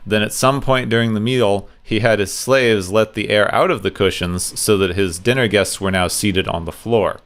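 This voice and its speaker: A man co-hosts a casual podcast, sharing bits of trivia in an easygoing way. His voice sits on the low side. It sounds smooth and clear. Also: normal speed, hardly any pauses. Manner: relaxed, recounts trivia with fillers. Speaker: podcast co-host.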